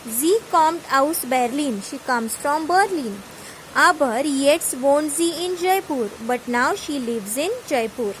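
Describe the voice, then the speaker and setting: Her voice is high-pitched with lively intonation, and she takes her time as she reads German vocabulary, giving the English meaning after every word. She's a German tutor with an Indian English accent, heard on a low-quality recording with slight hiss or hum.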